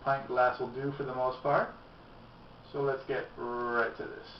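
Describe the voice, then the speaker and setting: A man's voice: medium pitch, flat delivery, unhurried, a little hiss or hum. A man casually reviewing a beer on video, chatty and candid as he tastes and comments. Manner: chatty and candid, tasting as he talks. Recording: roomy, distant, dull lo-fi camera audio.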